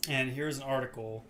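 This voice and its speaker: A man's voice: mid-range voice, sharp tone. A man co-hosting a casual podcast, teasing and joking with the others. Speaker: podcast co-host. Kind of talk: casual group chat.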